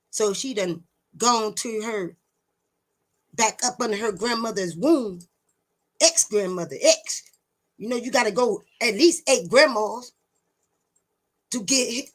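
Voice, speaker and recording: In a direct-to-camera sermon of sorts, a self-appointed teacher scolds her viewers with blunt emphasis, profanity, repeated words, and jeering rhetorical questions. She has a fairly high, somewhat bright voice.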